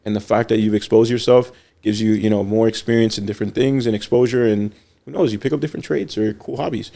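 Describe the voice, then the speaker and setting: Guest: gravelly man in his thirties, quick and earnest, dark-toned casual talk. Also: lowish voice, fairly even intonation. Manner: fast, earnest, laughs often. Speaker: podcast guest, butcher shop owner. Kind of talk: casual chat.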